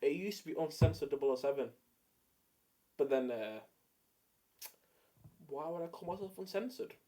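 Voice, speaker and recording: A man's voice: a little high, animated, moderate pace, dark tone. A young man in casual solo commentary, rambling with many fillers and jokey hot takes. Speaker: video creator ranking films.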